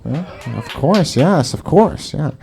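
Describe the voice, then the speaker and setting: A male comedian works a small garage crowd with rambling, profane, self-mocking asides. His pitch jumps around a lot as he talks. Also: lively intonation, takes it slowly, gravelly, darkish tone. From Salvadoran and Brazilian heritage. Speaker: stand-up comedian. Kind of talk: stand-up set at an open mic.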